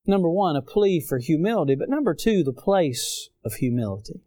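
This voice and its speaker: A middle-aged man preaching a sermon, rising to loud emphatic peaks and dropping low for stories. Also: big pitch swings, fairly quick. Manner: preaching with dramatic rises and drops in volume.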